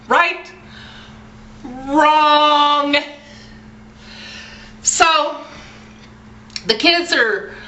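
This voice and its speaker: A woman in her forties telling a personal story to the camera in a chatty, animated way, talking straight to her viewers. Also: medium pitch, slight background noise, low-quality recording. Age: 40s. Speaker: vlogger.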